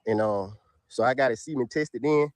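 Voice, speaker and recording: A man's voice: medium pitch, normal speed, no room sound. A man talks casually, selling his dogs. His voice sounds close and dry, with no room around it. He keeps tossing "y'all" to the viewers in a loose, rambling drawl. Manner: drawls "y'all" constantly, Southern US dialect. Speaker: dog breeder selling dogs. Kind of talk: casual sales pitch to viewers. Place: outdoors in a yard.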